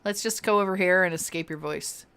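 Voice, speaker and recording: A woman's voice: on the low side, brisk, fairly bright tone, clean tone. A young adult woman streaming a fantasy game, chatting casually and giggling as she plays. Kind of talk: casual gameplay commentary.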